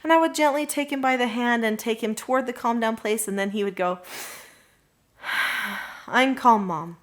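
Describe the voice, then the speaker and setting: A middle-aged woman teaches parents how to handle tantrums. Her delivery is earnest and reassuring, and she often lowers into a gentle, soothing voice to model calm. It sounds like a direct-to-camera parenting lesson. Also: fast talker. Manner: warm, earnest and reassuring, sometimes drops to a soft calm voice. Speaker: parenting educator.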